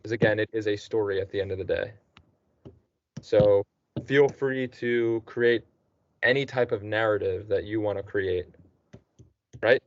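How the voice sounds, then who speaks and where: Tutoring a student one-on-one, a man with a lowish voice speaks a little slowly, leaving long pauses, and stays patient and encouraging while checking in often. The dull, dry, lo-fi recording carries some background noise.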